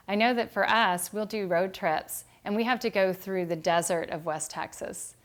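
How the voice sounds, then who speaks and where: A middle-aged woman teaching a devotional Bible study lesson, speaking in a calm and gentle way. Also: mid-range voice, moderate pace, hardly any pauses. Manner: calm and gentle, growing quieter toward a meditative close. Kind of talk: reflective devotional talk.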